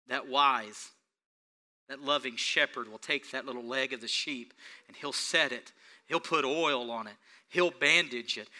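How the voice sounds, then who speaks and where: A man preaching a sermon as pastor, swinging between hushed storytelling and loud, emphatic lines. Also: medium pitch.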